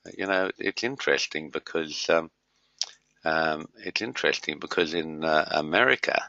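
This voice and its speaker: A man's voice: rumbling low, normal speed, sharp tone, dry recording. A middle-aged man hosting a trading webinar, chatting casually and greeting viewers by name with many fillers and matey asides. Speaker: webinar host and trading tutor. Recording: dull lo-fi webinar audio.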